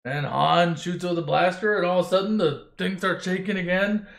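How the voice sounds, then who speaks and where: A man's voice: high voice, fairly even intonation, moderate pace, vocal fry. A man doing a comedic, profane retelling of a movie in a rambling, sarcastic way. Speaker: narrator. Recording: echoey room.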